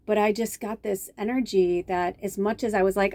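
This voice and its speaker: Woman, middle-aged, chatty medium vlogger, rambling with restarts, soft mellow tone, dry close sound. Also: mid-range voice, steady tone, moderate pace, no echo. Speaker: medium and tarot reader. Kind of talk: casual spiritual storytelling vlog.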